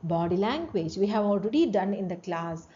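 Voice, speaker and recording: Woman teacher lecturing, mellow lo-fi voice. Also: lively intonation, normal speed. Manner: explains terms with repeated checks like "you know" and "see the difference"; demonstrates tones by swinging her pitch and loudness. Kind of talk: classroom lecture.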